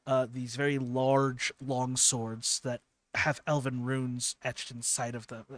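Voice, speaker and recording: A man narrating as game master, laying out scenery with plenty of fillers and restarts. Dry, close recording with no room sound. His pitch is mid-range. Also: level tone, slow pace, a bit bright, no room sound. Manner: descriptive, many fillers and restarts. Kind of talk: narrating a tabletop role-playing game.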